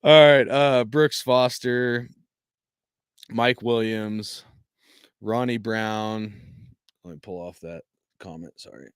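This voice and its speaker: A man's voice: fairly low pitch, slow pace, long pauses, clear, resonant tone, no room sound, clean studio sound. A young man chatting casually on a live stream while opening football cards, swearing and laughing often. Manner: laughing, swearing, loud exaggerated dismay.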